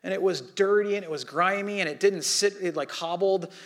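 A man preaching a sermon as pastor, telling a story with animated, acted-out quotes and dropping soft and low for prayerful lines. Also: fairly quick.

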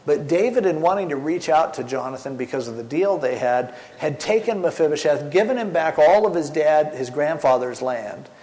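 A man's voice: fairly high pitch, expressive, normal speed, few pauses, dark tone. A middle-aged man, a pastor, preaching a casual sermon and retelling a Bible story in chatty, slangy everyday language. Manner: colloquial and chatty, slangy paraphrase. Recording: long hall reverb.

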